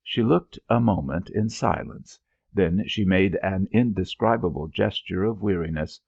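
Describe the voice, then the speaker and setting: A man narrating an audiobook in an expressive storytelling manner. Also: low voice, measured pace, gravelly, slightly rough, no room sound, highs cut off. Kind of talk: scripted narration.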